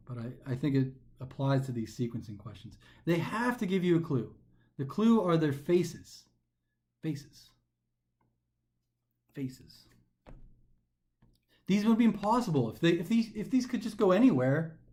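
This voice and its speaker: A male test prep instructor explaining test questions, reading passages aloud and then thinking them through in an animated way. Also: a little high.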